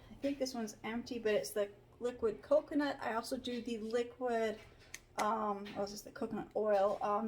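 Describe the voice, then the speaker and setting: Chatty woman, slightly high voice. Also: darkish tone, slight background noise. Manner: chatty, rambling with frequent ums. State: tired, yawning. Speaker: vlogger. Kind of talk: casual home vlog chat. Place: home kitchen pantry.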